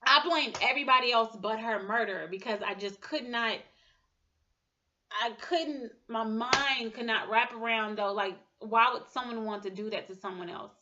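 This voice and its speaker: A woman in her thirties giving an emotional personal testimony, halting and full of fillers and restarts. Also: a little high, sharp tone, dull audio, slight background noise. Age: 30s. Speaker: speaker sharing a personal testimony.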